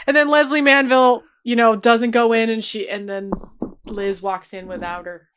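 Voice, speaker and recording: A woman co-hosting a podcast, retelling episodes in an animated, gushing way with frequent laughs. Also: on the high side, normal speed, slight background noise. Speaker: podcast co-host. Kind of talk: casual recap chat.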